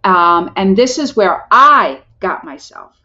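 A woman's voice: medium pitch, sing-song, takes it slowly, sharp tone, highs cut off. A middle-aged woman telling a personal story as a podcast guest, earnest and heartfelt, often restarting her sentences.

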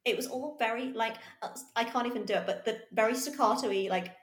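Animated woman co-host, roomy sound. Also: a little high, fairly quick. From England. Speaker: podcast co-host. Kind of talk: casual chat. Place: London.

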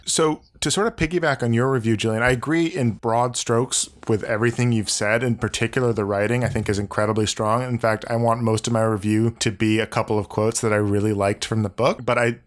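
A man co-hosting a book discussion, giving an organized, measured review. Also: medium pitch, fairly even intonation. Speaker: book club podcast co-host.

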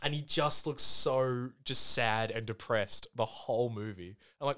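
A man's voice: medium pitch, measured pace, bright, forceful tone. A man, chatting casually about movies, laughing and swearing as he rambles. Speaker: podcast co-host. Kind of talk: casual chat reviewing movies.

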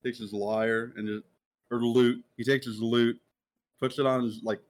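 A man's voice: mid-range voice, level tone, measured pace. A man playing a tabletop game, describing his character casually and correcting himself as he goes. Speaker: player.

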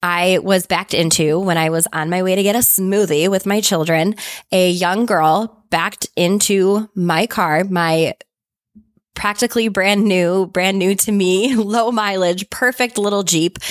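A woman in her thirties giving casual, earnest advice, telling stories in an animated way. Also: medium pitch, unhurried, no room sound, studio quality. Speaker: manifestation vlogger.

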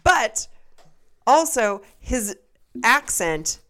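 A woman's voice: fairly high pitch, very animated, very slow, pushed and bright. A woman co-hosting a podcast, recapping a movie in rambling casual chat and often laughing. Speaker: podcast co-host.

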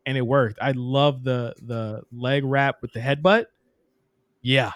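A young man co-hosting a casual wrestling podcast, talking fast and profanely and laughing often. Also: mid-range voice, no room sound. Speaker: podcast co-host.

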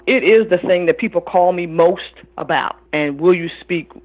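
A middle-aged woman, an author speaking as an interview guest, telling stories in an animated way and acting out what other people said. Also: lowish voice, normal speed. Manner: animated storyteller who acts out other people's voices. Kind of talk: interview conversation. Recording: tinny phone line.

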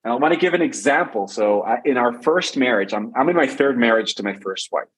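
Husky-voiced man giving relationship advice. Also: mid-range voice, brisk, rough recording. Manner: animated storytelling with repeated phrases. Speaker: relationship coach guest. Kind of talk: conversational advice.

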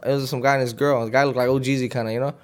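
A man's voice: mid-range voice, racing, a loud crowd. A man hosting a podcast, telling a story in casual chat, swearing and acting out the dialogue. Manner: profane, animated storyteller who acts out the dialogue. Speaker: podcast host.

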